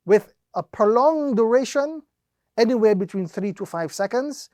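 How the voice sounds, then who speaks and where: A man teaching Quran recitation, explaining each rule slowly and step by step, drawing out the example words and repeating the steps methodically. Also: high voice, lively intonation, dark tone, no room sound. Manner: slow, deliberate explanation with drawn-out demonstrations. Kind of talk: instructional lesson.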